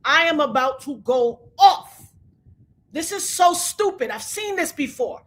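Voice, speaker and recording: Furious high-voiced woman ranting live. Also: lively intonation, unhurried. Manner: furious, shouting, repetitive. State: enraged, near tears. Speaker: livestream host. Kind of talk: angry livestream rant.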